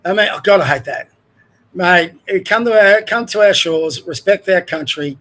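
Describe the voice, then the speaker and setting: A man's voice: high voice, normal speed, fairly bright tone. An Australian man hosting his own show, ranting in a heated, rambling way and trailing off mid-sentence. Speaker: show host. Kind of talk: ranting commentary.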